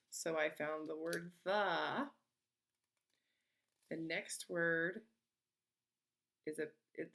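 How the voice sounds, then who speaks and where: A woman teacher giving a slow, patient and encouraging lesson to young children from home. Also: lowish voice, pushed and bright. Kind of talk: remote early-grade lesson.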